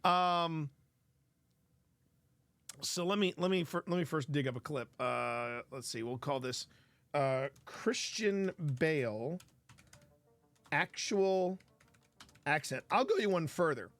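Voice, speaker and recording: A man's voice: a little high, animated, takes it slowly, long pauses, a bit bright, no room sound. A man hosting a casual live stream, rambling and repeating himself as he greets viewers in chat by name. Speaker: livestream host.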